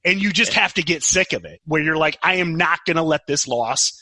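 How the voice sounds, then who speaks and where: A man's voice: fairly high pitch, a little fast, no echo, poor audio. An older man co-hosting a podcast, chatting casually and teasing his co-host with jokes. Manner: animated, teasing, joking. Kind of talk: casual chat.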